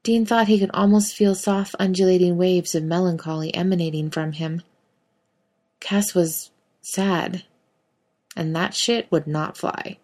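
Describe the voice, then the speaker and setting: Woman narrator, slightly low voice, easygoing storytelling with casual swearing; audiobook fan fiction reading. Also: fairly even intonation, a little slow, darkish tone.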